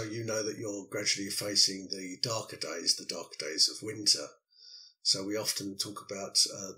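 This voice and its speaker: An older man hosts his own podcast, musing through a loosely scripted monologue with the occasional filler. His voice sits a little low, yet it comes across as strikingly bright and forceful. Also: poor audio. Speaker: podcast host.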